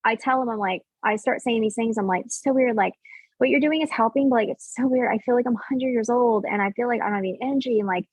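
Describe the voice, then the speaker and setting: A woman in her forties telling her personal story as a podcast guest, casual and animated, acting out what others said and filling her speech with "like.". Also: fairly high pitch, fast talker, breathy edge, no echo, rough recording. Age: 40s. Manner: animated, acts out quoted dialogue, many "like" fillers.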